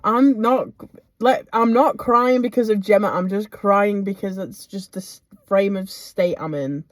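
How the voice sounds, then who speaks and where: Young woman, giggly and hesitant, mid-pitched, dry close sound. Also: a little slow, no echo. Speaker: co-host. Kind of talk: casual chat.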